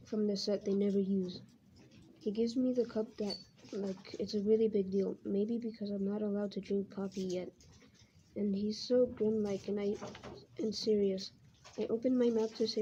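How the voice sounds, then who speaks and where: A teacher, a woman, reading a novel aloud to her class in a plain, even way, now and then stumbling and correcting herself. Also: mid-range voice, slight background noise. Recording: muffled lo-fi recording.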